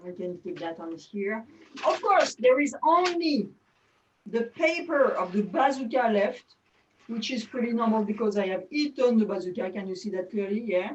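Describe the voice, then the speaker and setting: A woman's voice: medium pitch, expressive, moderate pace, a little mellow, far from the mic, muffled recording, slight background noise. A woman from France with a French accent, doing chatty, self-mocking magic show patter over a video call.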